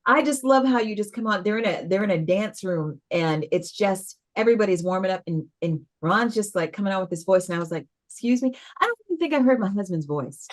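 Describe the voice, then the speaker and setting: A woman's voice: medium pitch, lively intonation, fairly quick, few pauses. A woman co-hosting an interview, from the Boston area, talking in an enthusiastic, effusive way. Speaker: interview co-host. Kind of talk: casual interview chat.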